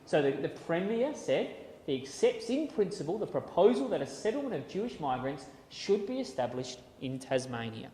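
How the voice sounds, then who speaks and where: A man's voice: a little high, big pitch swings, moderate pace, dark tone. A man giving a conversational Bible talk with slides, often repeating words and restarting as he reads quotes aloud. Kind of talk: casual lecture with slides. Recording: echoey hall with long reverb.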